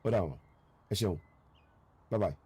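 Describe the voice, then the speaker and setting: A man's voice: low-pitched, normal speed, a little mellow, husky, no echo. A man hosting a live online broadcast, talking emphatically and repeating rhetorical questions to his viewers. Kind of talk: live online commentary with callers.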